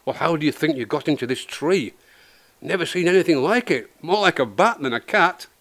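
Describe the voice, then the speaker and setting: A man's voice: on the high side, expressive, fairly quick, fairly bright tone. A man voicing a level-headed male cat with a dry, exasperated manner.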